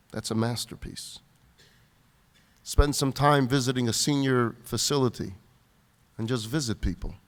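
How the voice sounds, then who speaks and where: A man, a rabbi, giving a sermon-style talk at a retreat, telling stories with emphasis on a stage microphone. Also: medium pitch. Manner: animated storyteller, emphatic. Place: large event hall, live audience. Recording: reverberant hall.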